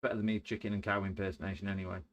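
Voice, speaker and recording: This middle-aged man talks very fast in a flat, lowish voice, captured on lo-fi audio. He's repairing electronics on a livestream, making jokes, wandering off topic, and humming or singing as he goes.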